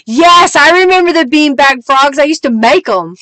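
A woman's voice: high-pitched, animated, normal speed, few pauses, a bit bright, no echo. A middle-aged woman hosting a live crafting stream, chatting with viewers as she works and laughing often. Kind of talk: casual live-stream chat.

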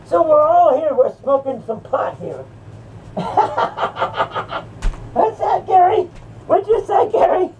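A woman voicing a sneering male horror character in an improvised rant, taunting and mocking with sudden shouts and cackles, recorded on a distant mic with faint noise. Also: very high voice, big pitch swings, normal speed, highs cut off.

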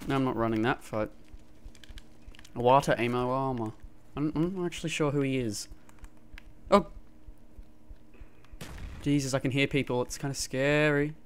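A man giving live gameplay commentary through a gaming headset, excitable and quick to yelp and laugh in fights. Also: mid-range voice, clear, resonant tone. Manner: excitable, frequent yelps and laughs during fights. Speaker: gamer.

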